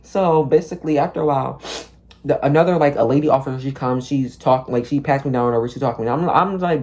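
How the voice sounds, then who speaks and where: A young man telling a storytime monologue in a rambling, animated way, packed with "like", profanity and slang, acting out the people in his story. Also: medium pitch, fast. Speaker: vlogger.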